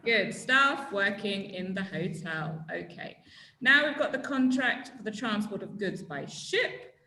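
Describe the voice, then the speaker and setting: A woman running a legal English lesson with a bright, forceful voice. She speaks slowly and prompts the class to finish each sentence, and the room has a noticeable echo. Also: mid-range voice, lively intonation, a little hiss or hum. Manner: prompting students to fill in words, brisk and encouraging. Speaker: English teacher.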